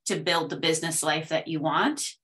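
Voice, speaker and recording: A woman student speaking earnestly and haltingly in a casual panel chat, praising her mentor. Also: low-pitched, fairly bright tone. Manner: earnest, halting, many fillers.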